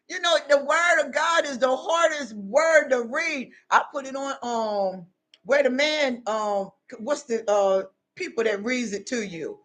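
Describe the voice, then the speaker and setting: High bright lady preaching on a livestream, folksy and animated, lots of honey and y'all. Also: a little slow. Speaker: livestream host. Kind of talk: preachy casual livestream talk.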